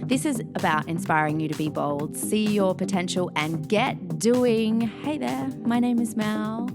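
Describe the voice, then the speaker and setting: A woman with an Australian accent hosting a podcast interview, enthusiastic and quick to exclaim. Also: mid-range voice, vocal fry, loud music behind the voice. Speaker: podcast host. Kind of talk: casual interview chat.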